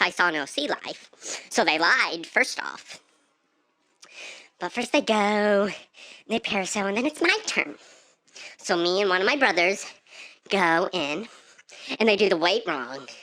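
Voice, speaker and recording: Melodramatic woman with a bright, animated voice. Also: no room sound. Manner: melodramatic, leaps into shrill shouted outbursts. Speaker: vlogger. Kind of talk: dramatic storytime monologue.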